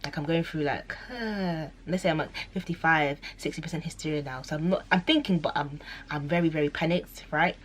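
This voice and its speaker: A woman's voice: brisk, few pauses, fairly bright tone, slight background noise. A young woman telling a story to camera in a chatty, rambling way, full of fillers and self-corrections. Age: young adult. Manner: acts out quoted voices with sudden high squeals. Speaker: vlogger.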